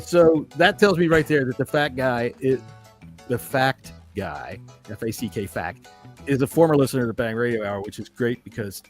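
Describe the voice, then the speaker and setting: A man's voice: mid-range voice, a little mellow. A man hosting a casual fan podcast, reading listener emails and joking with loose, profane talk. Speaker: podcast host.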